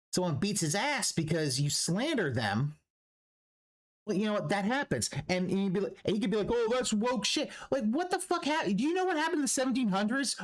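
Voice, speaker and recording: A man streaming a reaction, ranting profanely and restarting his sentences as he goes. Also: sits high. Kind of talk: livestream reaction commentary.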